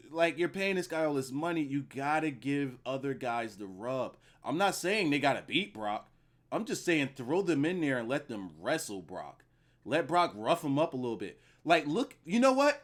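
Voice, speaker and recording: A man's voice: medium pitch, fairly bright tone. A man giving a casual, profane, rambling solo review of a wrestling show at his computer.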